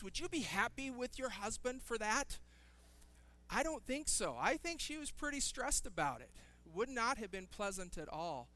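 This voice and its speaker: A man's voice: high-pitched, sharp tone, no room sound. A man preaching a sermon as a pastor, telling funny stories and acting out the people in them. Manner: humorous storytelling with shifting character voices.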